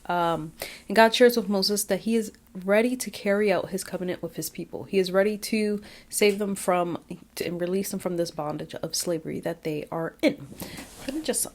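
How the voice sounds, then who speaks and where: A woman's voice: fairly low pitch, steady tone, normal speed. A woman giving a casual, reflective Bible recap, chatty with many fillers and restarts. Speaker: Bible study vlogger. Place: outdoors, windy.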